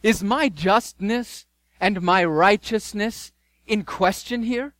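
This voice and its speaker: A man's voice: sits high, slow, a bit bright, no room sound, voice pushed up. A man voicing a firm, generous landowner who challenges his grumbling workers with rhetorical questions. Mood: challenging.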